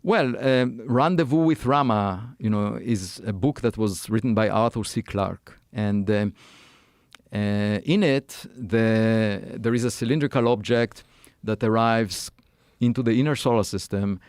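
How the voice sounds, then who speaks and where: A man's voice: on the low side, unhurried, a little mellow, no echo, clean studio sound. A man as a guest scientist in a conversational interview, speaking thoughtfully with many fillers and restarts.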